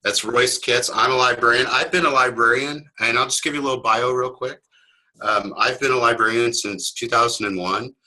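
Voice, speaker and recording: A man's voice: mid-range voice, steady tone, normal speed, sharp tone, rough recording. A middle-aged man from Kansas, a librarian giving a casual webinar talk, rambling and self-deprecating with many fillers.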